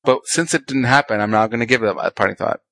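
A man's voice: mid-range voice, fast, bright, forceful tone. Dryly sarcastic male podcast co-host. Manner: mock-indignant, dry sarcastic jokes. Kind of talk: casual comedic chat.

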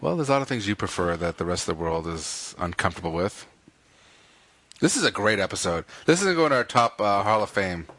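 Joking podcast guy, super lively pitch, bright voice, dry room. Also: a little fast, dry recording. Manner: joking, teasing, animated. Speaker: podcast co-host. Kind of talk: casual chat.

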